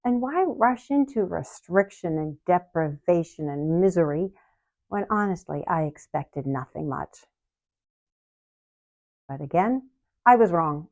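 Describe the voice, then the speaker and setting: Woman, 60s, host, slow deliberate pace, earnest personal storytelling, soft laughs. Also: on the low side, creaky. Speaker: channel host. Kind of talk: personal story told to camera.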